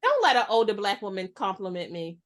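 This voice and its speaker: A woman's voice: mid-range voice, a little fast. A woman in her forties chatting casually as a podcast guest, telling stories and acting out voices. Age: 40s. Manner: animated storyteller, acts out voices. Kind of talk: casual conversation.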